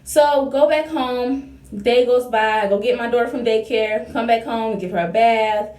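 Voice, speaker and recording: A young woman with a slightly high voice tells a personal story in a relaxed, chatty way. She brings the tale to life by acting out what other people said. Her voice echoes off the walls of a roomy space. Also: unhurried. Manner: lively storyteller, acts out quoted dialogue. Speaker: vlogger. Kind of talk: casual storytelling. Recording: roomy echo.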